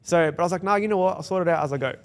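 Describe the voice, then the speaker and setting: Fast-talking Australian man. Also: high voice. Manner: fast, animated storytelling with quoted dialogue. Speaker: guest, business founder. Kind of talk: casual podcast chat.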